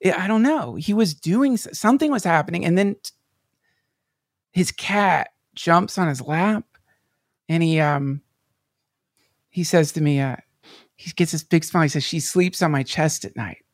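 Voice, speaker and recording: Gravelly man telling a heartfelt story. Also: fairly high pitch, moderate pace, long pauses, dry recording, clean studio sound. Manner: rambling with many restarts and fillers, swears. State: near tears at times. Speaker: podcast guest. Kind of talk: emotional personal storytelling.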